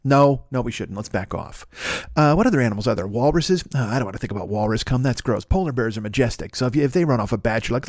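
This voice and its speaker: A man hosting a podcast, riffing through a rambling comedic monologue in a profane, animated way, dropping into quick impressions. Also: medium pitch, no echo, studio quality. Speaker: podcast host.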